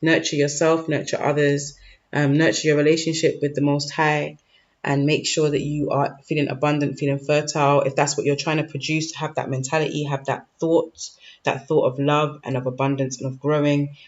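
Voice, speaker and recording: A man's voice: fairly high pitch, flat delivery, moderate pace. Man giving a casual tarot reading. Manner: informal, peppered with "okay?" and "like", loose slangy phrasing. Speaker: tarot reader. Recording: dull lo-fi recording with faint noise.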